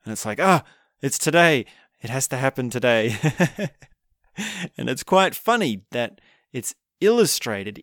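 A man casually recapping a film, telling it with animated energy and acting out the characters' lines with chuckles. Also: lowish voice, dry recording, clean studio sound. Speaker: film reviewer.

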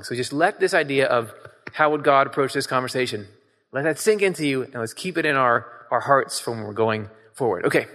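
Man preacher, bright forceful tone, casual emphatic sermon with scripture reading, reverberant hall. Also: medium pitch. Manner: conversational, emphatic, asks the audience questions.

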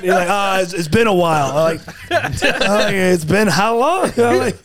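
A man with a somewhat higher voice than most, chatting in a relaxed way as a podcast guest. He laughs through his stories and sounds easygoing throughout. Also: normal speed. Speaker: guest, martial arts instructor. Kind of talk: casual chat.

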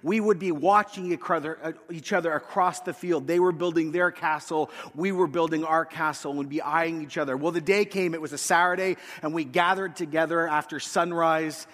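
A man preaching a sermon to his congregation, telling a story with lively energy and shouting out the quoted lines. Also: a little high, a little fast, hardly any pauses. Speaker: pastor. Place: church hall, in front of a congregation. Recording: long reverb in a large hall.

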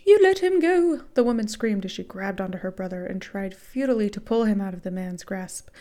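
A woman's voice: mid-range voice, fairly even intonation, brisk, dark tone. A woman podcast host reading fan fiction aloud and breaking off with wry, sarcastic asides.

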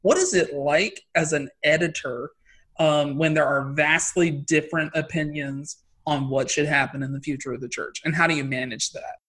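A man conducts an interview in a slightly high voice. He speaks in a warm, appreciative way. He pauses on fillers as he works toward his questions. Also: fairly even intonation, husky.

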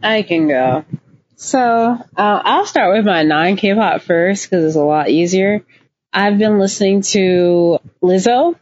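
A woman co-hosting a podcast, chatting casually in an animated, emphatic way. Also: medium pitch, takes it slowly. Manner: animated, emphatic, laughs often. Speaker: podcast co-host. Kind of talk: casual chat. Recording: dull lo-fi dry recording.

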